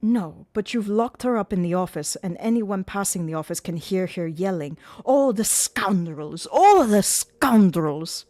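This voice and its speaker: A woman's voice: lowish voice, moderate pace, hardly any pauses, warm tone, natural voice. A woman voicing an agitated male opera secretary who exclaims in rising outbursts. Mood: accusing.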